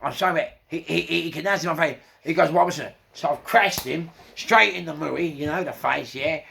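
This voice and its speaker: A man with a London accent and a gravelly voice on the high side casually tells a crime story at a normal speed. He swears freely and retells it in an animated way, acting out the quotes.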